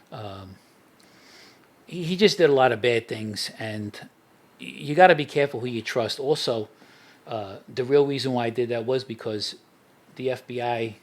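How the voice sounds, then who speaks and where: Laughing along at his own tales, this middle-aged podcast guest recounts stories from the street in a relaxed interview. His voice sits in the mid range.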